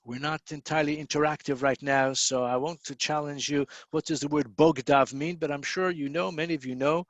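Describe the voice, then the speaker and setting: American man, lecturer, higher voice, dry recording, explanatory, frequent fillers. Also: no room sound. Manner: explanatory, spells out words, many fillers and restarts. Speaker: Torah lecturer.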